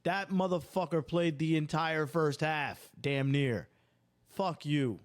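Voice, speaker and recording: A man's voice: a little high, a little slow. A man hosting a sports podcast, freestyling casual banter that rambles, interrupts itself and breaks into angry, profane rants. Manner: profane, ranting, worked up. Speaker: podcast host.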